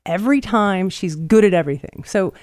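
A woman's voice: mid-range voice, a little fast, no room sound, clean studio sound. A woman hosting a podcast, telling a story in casual chat, swearing often and acting out what people said. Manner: profane, animated, acts out quotes. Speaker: podcast host.

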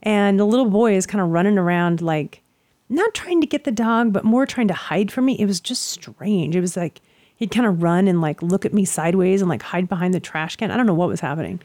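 A woman telling a story in casual chat, animated and swearing freely as she acts out what people said. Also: medium pitch, fairly quick, no room sound.

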